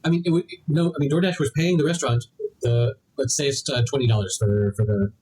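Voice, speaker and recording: A young adult man co-hosts a podcast, chatting casually and rambling through his points with many restarts. His mid-range voice is fast, with a darkish, breathy-edged tone, and the audio quality is poor.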